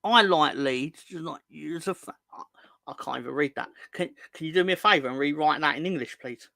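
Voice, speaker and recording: A young man hosts a football fan livestream, reading viewers' comments and chatting casually while joking, rambling, and teasing the chat. His fairly high voice is a little fast, gravelly, bright, and forceful, with no echo.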